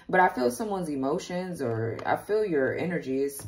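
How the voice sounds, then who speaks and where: A woman's voice: low-pitched, very animated, normal speed, a little mellow. A woman giving a casual tarot reading straight to her viewers, chatty and openly emotional. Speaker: tarot reader.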